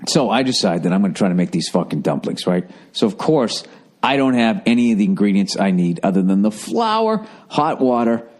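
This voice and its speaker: A man in his fifties with a Boston accent, hosting a podcast and telling a profane, animated comedic story. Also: lowish voice, fairly quick. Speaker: podcast host. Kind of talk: casual comedic monologue.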